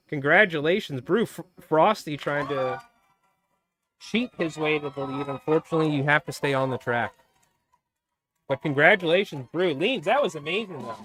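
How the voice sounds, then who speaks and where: A man streaming live, chatting casually and calling a marble race with loud bursts of excitement. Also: a little high. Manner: rambling, laid-back, bursts into loud excited commentary. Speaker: streamer and fly tier. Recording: faint music under the voice. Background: background music.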